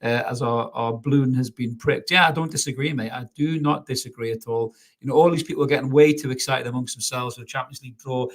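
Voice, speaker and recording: Angry fan-channel host, blunt, sweary live reaction voice. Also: male voice, medium pitch, fast talker, hardly any pauses. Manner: angry, blunt, swearing, reads out viewer comments. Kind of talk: live match reaction rant.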